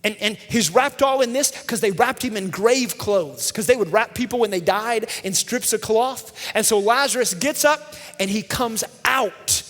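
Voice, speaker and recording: A man telling a Bible story to children in lively style, energetically calling for the audience to answer back. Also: high-pitched, moderate pace, faint music behind. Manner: energetic, calls out for audience responses. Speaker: children's minister. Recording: long reverb from a large hall.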